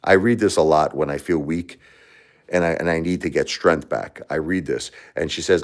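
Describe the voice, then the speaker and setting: A man's voice: extremely low pitch, normal speed. A middle-aged man hosting a livestream, talking in a rambling, heartfelt, conversational way. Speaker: livestream host. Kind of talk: casual livestream talk.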